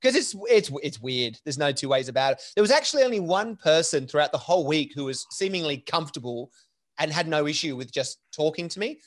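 A man's voice: a little high, lively intonation, brisk. A man, a podcast guest, rambling through memories in a self-deprecating, chatty way. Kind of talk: casual podcast chat.

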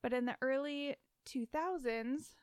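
A woman's voice: sits high, measured pace, clean tone, no echo. A woman co-hosting a podcast, telling a story in casual chat, giggling and stumbling over names. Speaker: podcast co-host.

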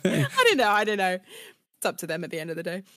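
A woman's voice: on the low side, brisk, dry recording, clean studio sound. A woman of twenty-nine, a voice actor, chatting in a giggly way full of fillers. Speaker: voice actor guest. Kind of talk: casual interview chat.

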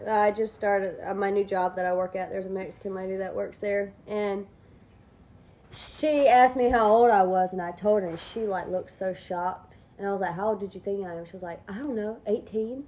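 A woman's voice: mid-range voice, fairly even intonation, moderate pace, a little mellow. A woman in her twenties co-hosting a casual podcast, who laughs easily at her own jokes. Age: 20s. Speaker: podcast co-host. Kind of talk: casual chat.

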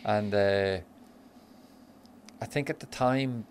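An Irish man, a footballer guest on a podcast, telling anecdotes in a relaxed, dry casual chat. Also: fairly low pitch, slow, slight background noise. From Ireland.

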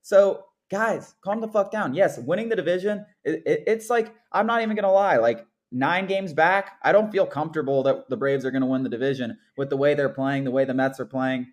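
A man's voice: on the high side, a little fast, few pauses. Ranting young man talking sports. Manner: animated ranting, frequent "like" and "dude". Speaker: podcast co-host. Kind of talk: casual sports talk.

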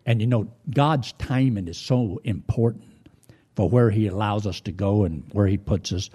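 A man's voice: lowish voice, normal speed, warm tone, husky. An older man preaching, a pastor who retells everyday conversations in a folksy, storytelling way before turning to scripture. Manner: folksy, retells conversations in his own voice, with restarts. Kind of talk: sermon with storytelling.

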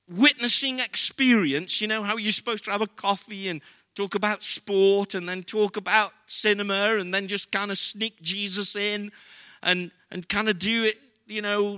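A man's voice: high voice, steady tone, a little slow, sharp tone. An older man with an English accent, preaching a sermon as pastor in an earnest, conversational way.

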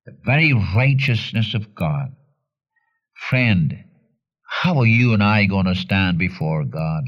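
A man's voice: expressive, slow, dull audio. A man preaching a sermon in a blunt, earnest way, his voice jumping up sharply to stress a point. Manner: earnest and blunt, with sudden rises in pitch for emphasis.

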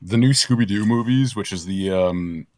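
A man's voice: fairly low pitch, moderate pace, background noise. A man hosting a casual chat show, rambling through lists with fillers and laughs. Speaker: host.

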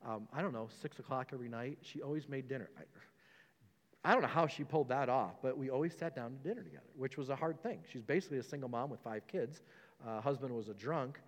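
A man's voice: mid-range voice, fast talker. A man pastor preaching a sermon in a conversational, emphatic way, firing rhetorical questions and repeating his points. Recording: long reverb of a large hall.

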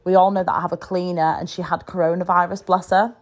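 A woman in her thirties with a British English accent hosts a casual solo podcast from home, speaking quickly in a lowish, level voice. She's chatty and frank, swearing freely.

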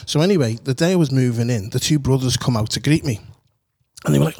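A man's voice: medium pitch, fast talker, mellow, dry recording. A man telling a long story in casual chat, rambling, swearing freely and laughing as he goes.

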